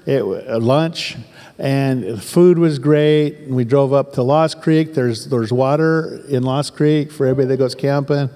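A man's voice: medium pitch, a little slow, warm tone, long reverb tail. A man in his sixties from southern Oregon, a pastor giving an emphatic sermon full of repetition and folksy asides.

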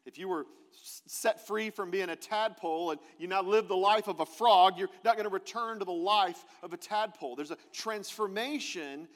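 A man's voice: high voice, normal speed, hardly any pauses. A man preaching a sermon to his congregation in a conversational way, asking them questions as he teaches. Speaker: pastor. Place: church sanctuary. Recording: long hall reverb.

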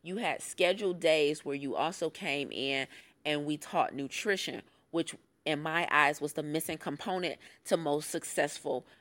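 A woman's voice: low voice, moderate pace, a bit bright. A woman hosting a podcast, talking casually and emphatically about her business, often laughing. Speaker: podcast host and fitness business founder. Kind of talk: casual solo podcast talk.

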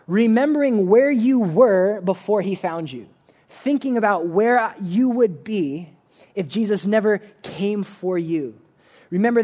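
This preacher's voice is high-pitched and mellow. Speaking in a church service room, he delivers an earnest, informal sermon, restarting sentences often and using "like" a lot.

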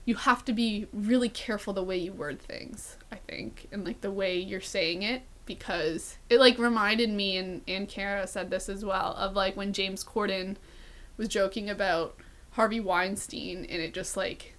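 Bright-voiced chatty young woman. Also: medium pitch, moderate pace. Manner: chatty, filler-heavy, lots of "like". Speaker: podcast co-host. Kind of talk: casual chat.

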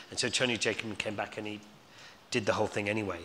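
A man's voice: fairly low pitch, fairly even intonation, fast, pushed and bright, a little hiss or hum. A man speaking as a guest at a live Q&A, telling stories in a rambling way with lots of restarts and repeated words. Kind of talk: anecdotal storytelling at a live Q&A. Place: stage in a hall before an audience. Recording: live hall reverb, faint ambience.

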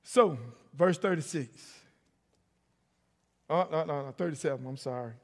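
A middle-aged pastor speaks a little slowly in a voice on the high side, preaching a sermon full of stories and calls out to the congregation. The church sanctuary adds a long hall reverb.

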